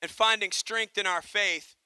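A man preaching a sermon with lively energy, telling jokes and calling on the congregation for amens. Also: sits high, a little slow, clean tone, no echo. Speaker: pastor.

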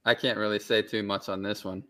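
Teasing low-voiced man. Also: flat delivery, fairly quick, a bit bright. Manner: teasing, laughs at his own jokes. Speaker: podcast co-host. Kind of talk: casual podcast discussion.

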